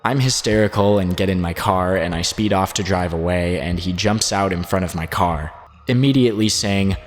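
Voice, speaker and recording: A man narrating a documentary, reading a first-person written statement aloud in a steady, measured way. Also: sits low, a little hiss or hum. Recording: long reverb, faint background music.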